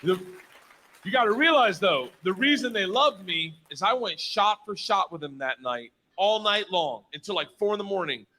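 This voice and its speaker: A man in his fifties does stand-up, telling a wild story with lots of swearing and laughter. His voice sits a little high and rings bright and forceful. A faint noise sits underneath him. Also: lively intonation, moderate pace. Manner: loud, profane, laughing storytelling. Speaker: stand-up comedian.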